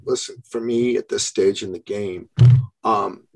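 A man's voice: fairly low pitch, fairly even intonation, measured pace, vocal fry, rough recording. A man in his fifties hosting a podcast, talking casually in a blunt, profane storytelling way. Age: 50s. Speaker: podcast host. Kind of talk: casual conversation.

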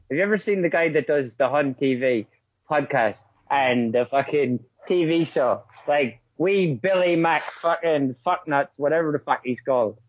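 Over a tinny, dry call line with no room sound, a man guests on a podcast, his slightly high voice carrying a breathy edge. He's brash and sweary, fast and animated in the casual chat.

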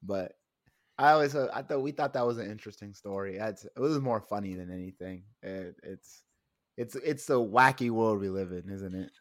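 A man's voice: lowish voice, moderate pace, no room sound, studio quality. A man co-hosting a podcast, chatting casually with a laid-back, joking manner. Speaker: podcast co-host. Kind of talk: casual chat.

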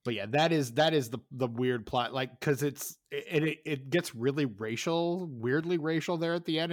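A man of middling pitch holds forth in a relaxed podcast chat. He rambles through long explanations, piling up fillers and restarting his sentences. The sound is dry and close. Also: moderate pace, hardly any pauses, dry recording. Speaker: podcast co-host. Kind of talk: casual chat.

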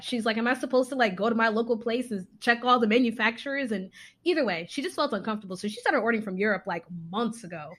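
A woman's voice: a little high, a bit bright. A woman in casual chat, telling a story in a rambling way with many fillers.

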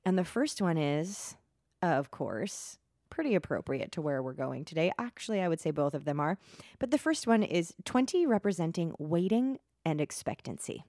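A woman's voice: lowish voice, sing-song, moderate pace, mellow, no room sound, clean studio sound. A woman hosting a faith podcast in a casual monologue, quirky, playful and chatty. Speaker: podcast host.

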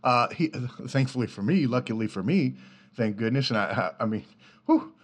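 A man's voice: medium pitch, lively intonation, moderate pace. A man in his thirties hosts a solo podcast from a small home setup in his apartment, speaking into a studio mic through a preamp. He rambles from topic to topic in a loose, chatty way, swearing freely and laughing easily. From Washington, D.C. area. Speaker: podcast host.

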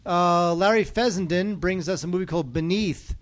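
A man hosting a podcast, chatting casually and quickly about new movie releases. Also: high-pitched. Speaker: podcast host. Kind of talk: casual chat reviewing movies.

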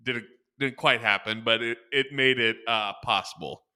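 A man co-hosting a casual sports podcast, thinking aloud in halting, restarting sentences. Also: medium pitch, pushed and bright, smooth. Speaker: podcast co-host.

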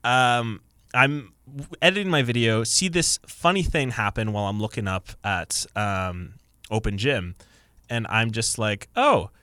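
A man co-hosting a casual podcast, telling an animated story with quick restarts. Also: on the low side, clear, resonant tone, no echo, clean studio sound. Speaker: podcast co-host.

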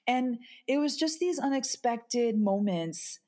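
A middle-aged woman speaking as a podcast guest, halting and repeating her words as she talks through grief. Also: on the high side, dark tone. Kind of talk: emotional podcast conversation.

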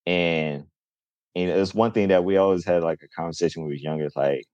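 A man's voice: low-pitched, fairly even intonation, brisk, a little mellow, no room sound, lo-fi sound. A man talking casually and loosely, with lots of slang and "like" fillers. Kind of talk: casual chat.

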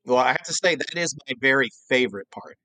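A man's voice: medium pitch, quick pace, no room sound. A middle-aged man, a voice actor, chatting casually on a podcast and acting out lines in character voices. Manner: animated, acts out quotes in character voices. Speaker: voice actor guest.

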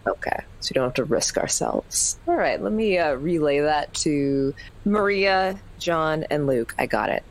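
Low-voiced woman playing a tabletop game. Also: animated, a little slow, low-quality recording. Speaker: player.

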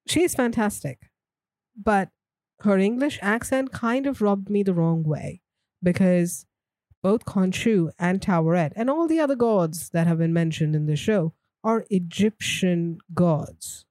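A woman's voice: medium pitch, expressive, measured pace, darkish tone, no echo, studio quality. A woman co-hosting a podcast in casual chat, talking thoughtfully and laughing easily. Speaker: podcast co-host.

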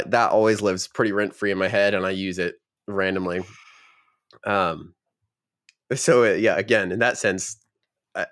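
A man's voice: sits low, fairly bright tone, no room sound, clean studio sound. A man co-hosting a podcast, talking reflectively with frequent hesitations. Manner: reflective, hesitant, many fillers. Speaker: podcast co-host. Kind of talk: casual chat.

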